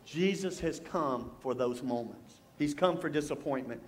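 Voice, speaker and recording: A middle-aged man preaching a sermon as a pastor, telling stories and shifting from loud humor to hushed, intense appeals. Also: a little high, measured pace. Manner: storytelling, swings from loud jokes to hushed intensity.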